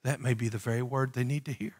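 Speaking fast in a steady, mid-range voice, a man preaches a passionate sermon as pastor. He alternates forceful, loud calls with soft pleading and asks his congregation rhetorical questions.

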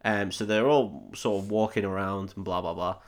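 A man, his voice sitting a little low, recaps a film for a comedy podcast. He talks casually, swears freely, laughs a lot and slips into quick impressions of the characters. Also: fairly even intonation.

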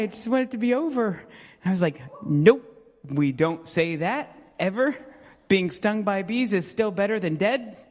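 A middle-aged man, a pastor, preaching a sermon with fervent calls of amen and hallelujah and homely stories from his family. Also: sits high. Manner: fervent preaching with Amens and Hallelujahs, storytelling asides. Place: church sanctuary. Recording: long reverb of a church hall.

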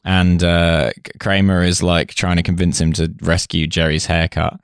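A man hosting a podcast, recapping a sitcom episode in casual chat with dry, deadpan jokes and frequent laughs. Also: sits low, normal speed, clean tone, no echo. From Britain.

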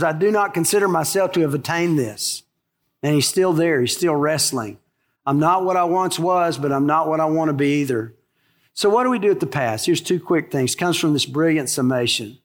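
A man's voice: a little high, in a large hall. A man preaching a sermon as a pastor, earnest and emphatic, repeating key phrases for weight.

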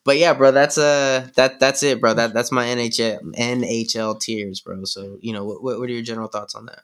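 This sports podcast co-host speaks fairly quickly with a mid-range, fairly bright voice and fairly even intonation. His casual chat is loose and profane, full of slang and fillers.

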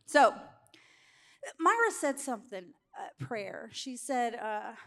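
A middle-aged woman preaching a sermon, telling a candid personal story in an animated way. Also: a little high, slow pace, vocal fry.

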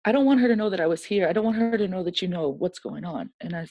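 A woman's voice: lowish voice, fast talker, no echo, dull audio. A woman being interviewed, telling a personal story in a candid, emotional way and acting out the voices of the people in it. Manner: animated storyteller who acts out quoted dialogue. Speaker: guest.

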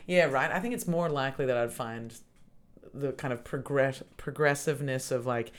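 A woman's voice: a bass voice, moderate pace. A young adult woman hosting a podcast, chatting casually and laughing often. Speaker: podcast host. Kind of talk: casual chat.

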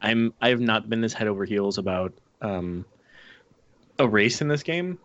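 A man co-hosting a casual gaming podcast, gushing and excited. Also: lowish voice, normal speed, dull audio. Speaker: podcast co-host.

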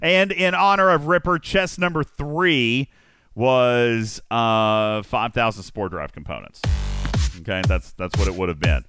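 A man hosts a casual podcast, joking and rambling before rattling off long lists of supporter names in shout-outs. His voice is medium-pitched, unhurried, and fairly bright, with faint music behind it.

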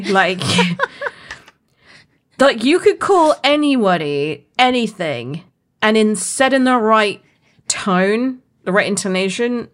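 Playful co-host: a woman with a Somerset accent, chatty and quick to laugh. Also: medium pitch. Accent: Somerset English. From England. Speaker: podcast co-host. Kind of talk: casual chat.

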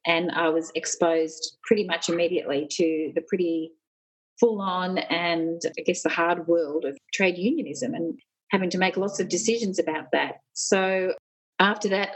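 Husky-voiced woman telling stories. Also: fairly low pitch, measured pace, poor audio. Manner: candid, animated storytelling. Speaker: union leader and former nurse. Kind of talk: personal storytelling in an interview.

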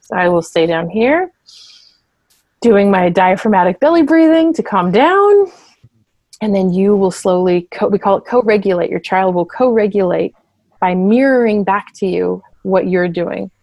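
A woman therapist talks through her ideas in an easy, explanatory way. She sometimes drops into quick acted voices. The sound is dry and close. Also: mid-range voice, lively intonation, a little mellow, dry recording. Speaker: therapist and parent coach. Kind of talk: conversational interview talk.

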